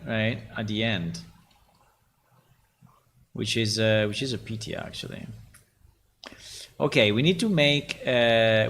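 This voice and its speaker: A man's voice: lowish voice, fairly bright tone, slight background noise. A man, a game developer on a casual livestream, thinking aloud hesitantly with many fillers and tag questions. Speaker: game developer streaming his work.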